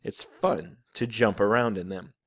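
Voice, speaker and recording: A man reading a children's chapter book aloud with expressive, animated narration. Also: on the low side, unhurried, breathy edge. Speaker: storybook reader.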